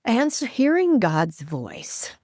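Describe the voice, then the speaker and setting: A woman guest who is a life coach and minister, talking earnestly about faith and quoting scripture in an animated, preacherly way. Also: fairly high pitch, slow, dry recording, studio quality. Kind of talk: earnest faith-based teaching in conversation.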